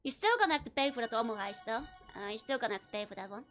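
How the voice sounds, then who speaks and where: A woman's voice: on the high side, expressive, very fast, a bit bright, faint music behind. A woman with a Dutch accent chatting playfully with her livestream viewers, giggling often between lines. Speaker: virtual streamer. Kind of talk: casual livestream chat with viewers.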